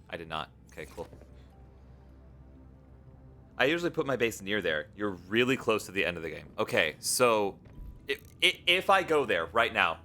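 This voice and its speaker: A young man streams a game late at night, chatting casually, reading viewers' messages aloud and encouraging them. His voice is on the low side, pushed and bright.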